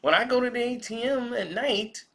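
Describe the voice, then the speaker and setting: A man voicing a smug, eager man who is excusing a slur in a high, exaggerated, mocking tone. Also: moderate pace, vocal fry, fairly bright tone, heavily acted.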